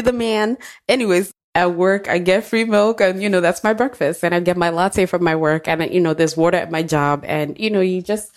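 A woman's voice: very deep voice, darkish tone. A young adult woman hosting her own podcast, giving a candid, chatty personal update that wanders off on side tracks. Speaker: podcast host.

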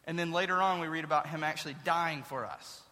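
A man's voice: on the high side, brisk, sharp tone. A man, a youth pastor, giving a casual Bible lesson to kids, chatty and quizzing his listeners with questions. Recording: long hall reverb.

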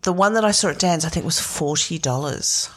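A woman, a wine expert co-hosting a show, explaining things in an animated, knowledgeable way. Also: deep voice, fairly quick. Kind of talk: casual chat.

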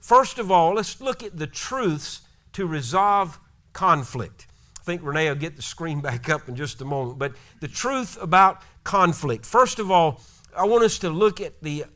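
A man's voice: on the high side, lively intonation, a little slow, pushed and bright. A man preaching a sermon, an earnest pastor who retells scripture and exhorts his listeners.

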